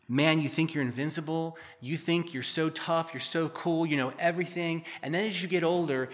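This pastor, a middle-aged man, has a somewhat high and slightly bright voice. He reads passages of scripture in his sermon and explains them in an easygoing manner, joking between verses.

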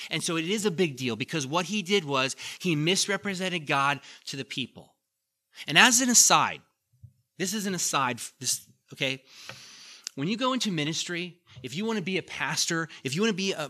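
A man's voice: on the high side, bright, forceful tone. A male pastor preaching a conversational sermon, reading scripture aloud with emphasis and putting questions to the congregation.

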